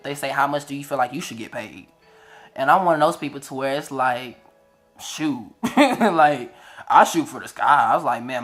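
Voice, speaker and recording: A young man, telling a heartfelt personal testimony in a casual, animated way, often praising God. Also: mid-range voice. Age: 20s. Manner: animated, emotional, religious. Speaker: vlogger.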